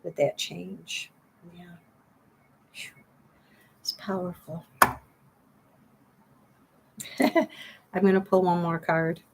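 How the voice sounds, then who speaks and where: A woman's voice: fairly low pitch, flat delivery, drawn-out words, creaky, pauses often, a little hiss or hum, low-quality recording. A middle-aged woman giving a spiritual card reading to her viewers, earnest and pleading, repeating her phrases.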